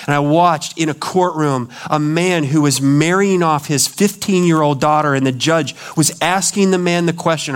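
Guy preaching in church, a bit high-pitched, really plays up the quotes. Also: normal speed, few pauses, clean tone. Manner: dramatic, acts out quoted voices. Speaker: pastor. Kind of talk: sermon.

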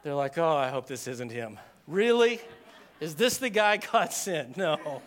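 A pastor preaches to his congregation in a high, smooth, clear voice. He talks in an easygoing, conversational way and checks in with his listeners. He acts out the people he quotes with dramatic shifts in his voice. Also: lively intonation, unhurried. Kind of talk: sermon.

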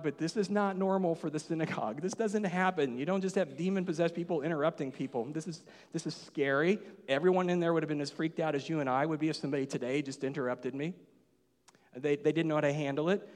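A man preaching a sermon as pastor, telling the story with lively, acted-out asides and conversational questions to the congregation. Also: mid-range voice. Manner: animated storytelling, acting out voices in quotes. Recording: long hall reverb.

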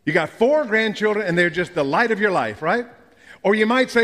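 A man with a fairly high voice delivers a storytelling sermon, dropping into quiet, low asides at the tense moments. His voice rings with the long reverb of a church sanctuary. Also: lively intonation, a little fast. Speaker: preacher.

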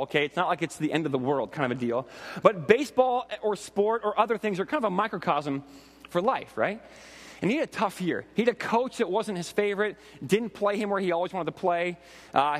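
Animated male pastor in a reverberant hall. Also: on the high side. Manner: animated storytelling, conversational asides. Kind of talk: sermon.

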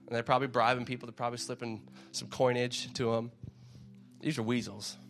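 A man's voice: mid-range voice, level tone, brisk, creaky. Man, casual sermon, conversational preacher, stumbles and repeats words, faint music underneath. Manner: conversational, repeats words, acts out crowd shouts. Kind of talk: casual sermon with scripture reading.

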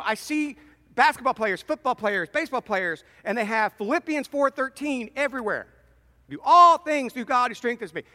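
A man's voice: very high-pitched, pushed and bright. A man preaching a sermon as a pastor, talking in a wry, conversational way and leaning hard on words he wants to stress. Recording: long reverb in large hall.

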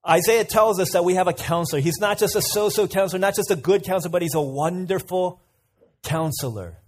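A man's voice: high voice, fairly quick, slight background noise. Conversational man preaching a sermon. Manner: conversational, asks the audience questions, tells anecdotes.

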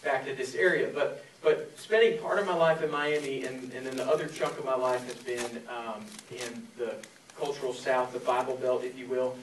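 A man's voice: medium pitch, fairly even intonation, moderate pace, slight background noise. A man in his forties from Florida, preaching a sermon as a pastor in a conversational storytelling way with many fillers. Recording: echoey room from a distance.

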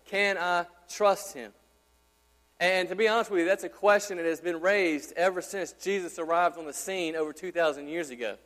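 A man in his thirties, a pastor, preaching an emphatic sermon with repeated rhetorical questions. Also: high voice. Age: 30s. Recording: long hall reverb.

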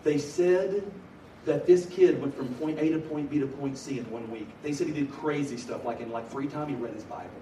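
A middle-aged man preaching a story with humor, animated, shifting from loud bursts to hushed earnest telling. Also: medium pitch, brisk. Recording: echoey hall from far off, noisy.

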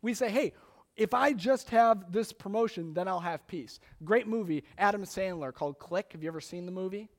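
A man preaching a sermon in a conversational, animated storytelling way, acting out little scenes as he goes. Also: high-pitched, moderate pace. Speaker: pastor.

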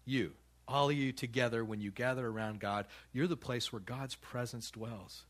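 An American man preaching in a church in an easy, conversational way. He often restarts his sentences and chuckles between his points. His voice sits at an ordinary middle pitch. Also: normal speed. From United States. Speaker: pastor. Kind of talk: sermon.

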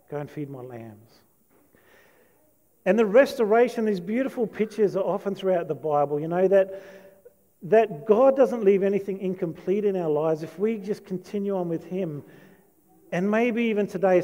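A man's voice: high-pitched, mellow. A man preaching a sermon with enthusiasm, telling a Bible story with casual asides and quoted lines. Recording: long hall reverb.

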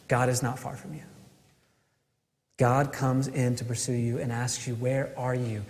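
A man preaching a sermon as a pastor, earnest, asking rhetorical questions and pausing for effect. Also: mid-range voice, darkish tone, in a large hall.

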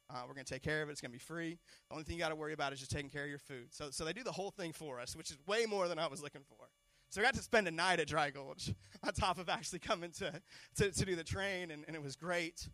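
A man in his thirties preaching a storytelling sermon, animated and stumbling over repeated words. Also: a little high, gravelly, no echo. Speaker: pastor.

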